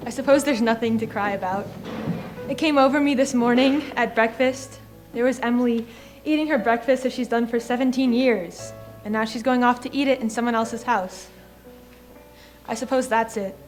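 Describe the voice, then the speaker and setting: A woman's voice: fairly high pitch, natural voice. A young woman in a school play, acting a tearful middle-aged mother on stage. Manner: stage acting, rueful and weepy. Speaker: student actor in a school play.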